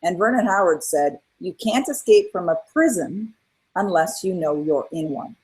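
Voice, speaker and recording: Earnest middle-aged woman, husky voice. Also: fairly low pitch, moderate pace, poor audio. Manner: earnest, animated retelling with acted-out quotes. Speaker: guest, author and coach. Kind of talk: candid interview storytelling.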